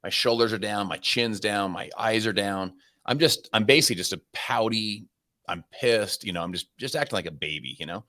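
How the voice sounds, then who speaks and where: A man in his forties, a podcast guest, telling a story in an energetic, conversational way with many restarts. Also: fairly low pitch, fairly quick.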